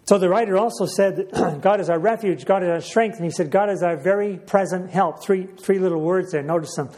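A man preaching a sermon in a measured way, repeating key phrases for emphasis and often clearing his throat. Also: high voice, a little mellow.

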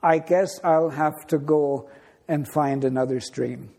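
A man's voice: a little high, takes it slowly, creaky, dark tone, exaggerated voice. A man voicing a frightened, thirsty young girl in a retold storybook scene, speaking hesitantly. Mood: timid. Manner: hesitant, fearful.

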